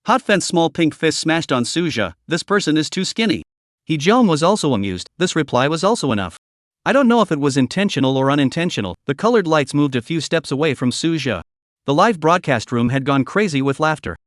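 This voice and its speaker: Lively, fairly high male recap narrator. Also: brisk, no echo, studio quality. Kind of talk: scripted story recap narration.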